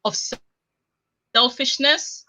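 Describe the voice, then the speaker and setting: A woman's voice: high-pitched, drawn-out words, pushed and bright. A woman chatting on a live stream, talking emphatically in long run-on stretches with an indignant edge. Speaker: guest commentator. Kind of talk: casual live-stream chat.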